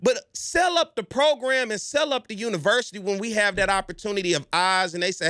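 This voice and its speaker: A man's voice: sits high, fairly quick, hardly any pauses, bright, forceful tone, no room sound, studio quality. A man hosting a college sports fan show, talking in a casual, emphatic and persuasive way, often speaking straight to his listeners. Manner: slangy and conversational. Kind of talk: casual commentary monologue.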